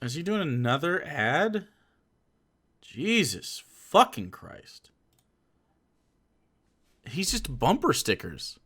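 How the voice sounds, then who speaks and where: A young man with a high voice that leaps all over the place, ranting sarcastically as he reacts to a video on stream. He swears freely and talks in quick, rambling bursts. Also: big pitch swings, a bit bright, slightly rough. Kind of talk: casual reaction commentary.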